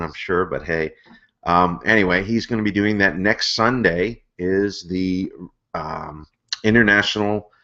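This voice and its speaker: Low-voiced man rambling on a stream. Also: a bit bright. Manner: rambling, hesitant, many fillers and restarts. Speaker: host of an amateur astronomy hangout. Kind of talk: casual live-stream talk. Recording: muffled lo-fi web stream.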